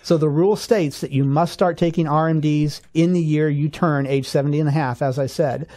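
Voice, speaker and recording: Man, radio finance co-host, slightly high voice, steady explainer, methodical. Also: fairly quick. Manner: steady explanatory, walks through examples step by step.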